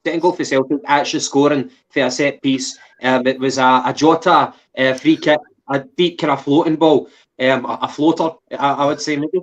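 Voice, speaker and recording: A man's voice: medium pitch, steady tone, normal speed. A man on a football podcast, recapping match goals hesitantly with fillers. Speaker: podcast co-host.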